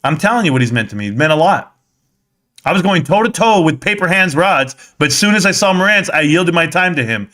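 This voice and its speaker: Fairly quick and full of lively intonation, a man with a high, bright, forceful voice runs a live stock stream. He sounds heated as he combatively answers people in chat, his delivery punchy and confrontational throughout.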